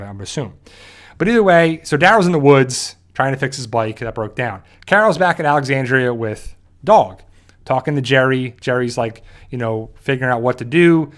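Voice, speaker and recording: A man hosts a casual recap of a TV episode. He rambles through the plot, keeps circling back, and fills gaps with "uh" and "you know". His voice sits at an ordinary middle pitch. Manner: rambling with frequent fillers and restarts. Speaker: show host.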